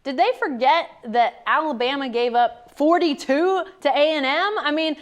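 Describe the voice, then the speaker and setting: A woman's voice: high voice, normal speed. Woman co-host reading listener mail. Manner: conversational, reads listener questions. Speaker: sports talk co-host. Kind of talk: casual sports talk.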